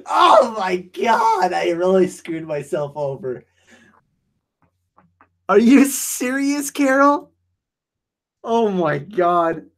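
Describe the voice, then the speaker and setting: A man hosting a casual live Q&A stream, reading the chat; excitable, laughing often and saying "like" a lot. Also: high voice, takes it slowly, long pauses. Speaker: livestream host answering chat.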